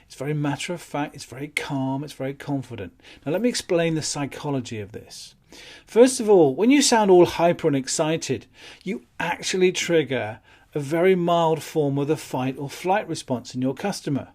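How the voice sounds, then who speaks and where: Calm, matter-of-fact male sales trainer. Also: on the high side, moderate pace. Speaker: business skills trainer. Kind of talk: instructional talk on phone sales.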